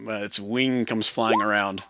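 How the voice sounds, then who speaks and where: A man's voice: lowish voice, steady tone, a little slow, pushed and bright, slight background noise. A man narrating a tabletop game as dungeon master over voice chat. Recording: lo-fi voice chat audio.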